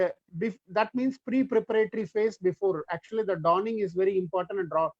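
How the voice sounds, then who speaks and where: A man with an Indian English accent giving a fast, rambling lecture full of fillers on a video call. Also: high-pitched, no echo. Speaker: webinar speaker, physiotherapist. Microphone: computer or headset mic on a video call. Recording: dull, lo-fi video call audio.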